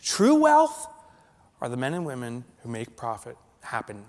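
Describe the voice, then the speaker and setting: A male keynote speaker telling a dramatic personal story to a live audience, swinging from loud and animated to hushed and slow. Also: mid-range voice. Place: large conference hall. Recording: long hall reverb.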